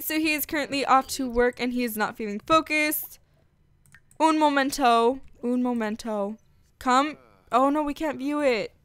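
A woman hosting a casual let's-play, chatting and gushing excitedly as she narrates her game. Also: sits high, no room sound. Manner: bubbly, gushing, chatty with lots of "like" and "freaking". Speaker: gaming channel host.

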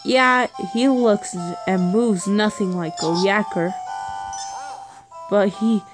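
A woman talks her way through a video game in a relaxed, unhurried way. She chats along, yelps at her mistakes and tosses in playful little sound effects. Loud game music plays under her voice. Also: medium pitch, poor audio. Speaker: let's play host. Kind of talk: casual gameplay commentary. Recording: game music playing behind.

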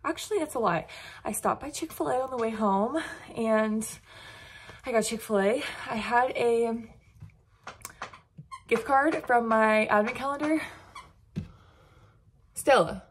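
A bubbly young woman, talking to her phone at arm's length at home. Her voice sits a little high, and a faint hiss runs under her gushing chat. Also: a little slow, long pauses. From United States. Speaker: vlogger. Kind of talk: casual vlog chat. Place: home, indoors.

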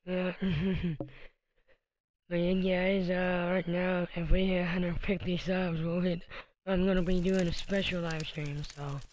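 A man streaming a game and chatting with teammates, excitable, laughing often and filling gaps with uhs. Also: sits high, takes it slowly. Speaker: gaming streamer. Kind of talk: live game commentary with teammates.

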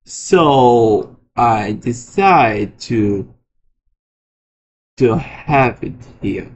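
A man presenting his alarm sirens in a casual show-and-tell vlog, often halting and restarting his sentences. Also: mid-range voice, animated, lo-fi sound, slight background noise. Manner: halting, frequent restarts and repeated words. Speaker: vlogger showing alarm sirens.

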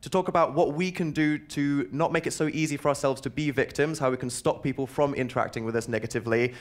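A young British man hosting a casual radio panel talk, relaxed and quick to laugh. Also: medium pitch. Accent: British English. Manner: relaxed, laughs between lines. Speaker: host.

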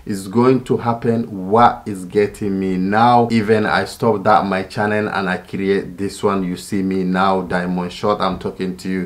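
A man's voice: fairly low pitch, a little mellow. Frustrated man ranting to viewers. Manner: frustrated, repeats himself, addresses viewers as guys. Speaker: YouTuber. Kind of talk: casual vlog talk to viewers.

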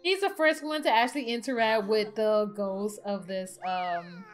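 A woman giving casual let's-play commentary, chatty and excitable, talking to her game characters as she plays. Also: medium pitch, moderate pace, soft background music. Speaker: gaming channel host.

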